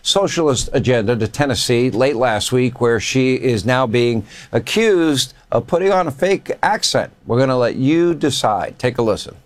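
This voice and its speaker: A man hosting a news talk show, chatty and quick to laugh with his guest. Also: medium pitch, expressive. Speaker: host.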